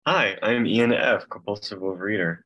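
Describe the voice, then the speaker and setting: Deep-voiced young man, earnest. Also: husky, highs cut off. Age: 20s. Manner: earnest, halting, laughs nervously. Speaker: meeting member sharing. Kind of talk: casual personal share. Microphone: video call.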